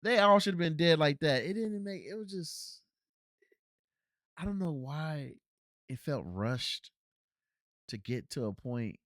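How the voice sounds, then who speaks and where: A man's voice: measured pace, pauses often, no room sound, studio quality. A man hosting a casual solo movie review podcast, rambling with restarts and fillers. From Cincinnati, US. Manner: rambling, frequent restarts and fillers, animated swings in pitch.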